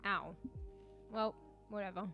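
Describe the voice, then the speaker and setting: A woman's voice: medium pitch, takes it slowly, highs cut off. A woman streaming live, chatting casually with viewers while eating, swearing often. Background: faint music.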